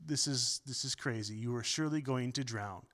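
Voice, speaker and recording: A man voicing a nagging inner voice of doubt in a low, hushed, discouraging tone. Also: brisk, natural voice.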